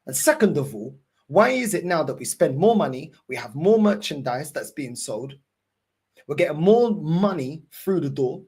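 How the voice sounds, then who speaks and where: A furious football fan host, on a heated rant straight to camera. The voice leaps up and down wildly and sounds somewhat husky. Points get hammered home again and again, with plenty of swearing. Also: medium pitch, animated, normal speed, darkish tone.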